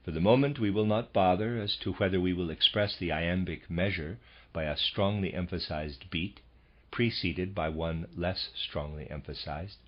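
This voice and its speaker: Deep husky man reading a lecture. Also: highs cut off. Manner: measured, formal lecturing delivery. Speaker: audiobook narrator. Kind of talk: scripted audiobook reading of a lecture.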